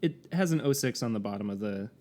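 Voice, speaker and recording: Male podcast co-host, casual chat, animated pitch, lots of fillers. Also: quick pace. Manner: chatty, reads facts with frequent fillers and laughs.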